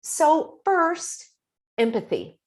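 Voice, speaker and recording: A woman's voice: high voice, wildly swooping pitch, very slow. A woman from the United States hosting her own channel, talking casually to camera and acting out short quoted replies. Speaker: host.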